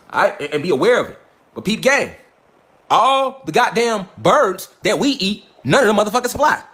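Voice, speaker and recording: A man's voice: high voice, a bit bright. A middle-aged man delivering a profane, emphatic conspiracy lecture, preaching directly to his listeners. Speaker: online lecturer. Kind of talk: fringe conspiracy monologue. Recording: echoey room.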